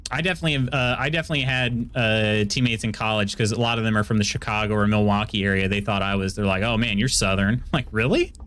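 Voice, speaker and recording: A man's voice: fairly low pitch, steady tone, fast, few pauses, a bit bright, smooth. A man with a Midwestern American accent, a streamer chatting casually with viewers while playing a game, laughing often as he reacts to their messages.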